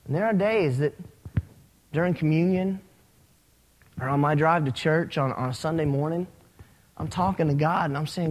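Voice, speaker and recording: A man preaching a sermon as a pastor, telling stories with animated, rising emphasis. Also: on the high side, normal speed, pauses often. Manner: animated storytelling, rising when excited. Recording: long hall reverb.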